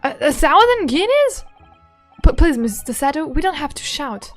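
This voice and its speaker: A woman's voice: high voice, big pitch swings, moderate pace, soft background music. A woman voicing a flustered young law student. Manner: hesitant, stammering.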